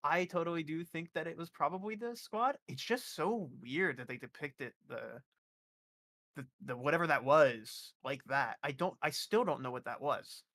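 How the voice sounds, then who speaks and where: A stream co-host with a bright, forceful voice, talking casually and rambling as they work through an idea. They stop and restart often along the way. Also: medium pitch, expressive, normal speed. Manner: rambling, hesitant, many restarts and fillers. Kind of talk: casual reaction chat.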